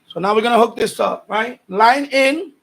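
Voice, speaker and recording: Chatty high-voiced man in an echoey room. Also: moderate pace, gravelly, a bit bright. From Puerto Rican family, raised in New York. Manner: rambling, chatty, repeats himself. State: sweaty from the heat. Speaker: radio hobby live streamer. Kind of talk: casual live-stream chat. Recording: echoey room, voice a bit far off.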